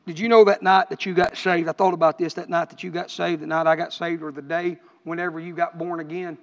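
A middle-aged man, preaching with fervor and swinging between shouts and quiet, earnest talk. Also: level tone, brisk, long reverb tail, highs cut off. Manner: impassioned, rising to shouts then dropping low. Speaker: pastor. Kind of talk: preaching sermon.

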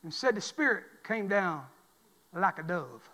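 A man preaching as pastor in a church, repeating lines and building to loud, shouted climaxes. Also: sits high, big pitch swings, measured pace, noisy background. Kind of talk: sermon. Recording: long reverb of a church hall.

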